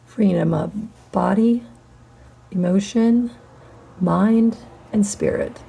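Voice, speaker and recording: A middle-aged woman hosting a spiritual channel, giving a defiant, profane monologue with drawn-out, emphatic phrasing. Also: medium pitch, vocal fry, warm tone, husky.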